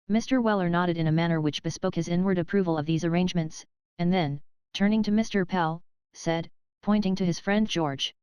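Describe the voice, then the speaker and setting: A woman reading a classic novel aloud as an audiobook narrator, in a measured, even way. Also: on the low side, clear, resonant tone, no room sound, low-quality recording. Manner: measured, even storytelling read.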